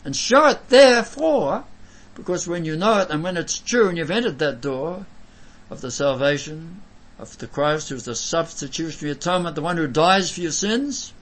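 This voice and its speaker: A male preacher delivers a sermon with a husky, slightly breathy voice. He sits fairly high for a man and his pitch leaps and falls widely as he swings between loud emphasis and near-hushed phrases. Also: animated, normal speed, rough recording.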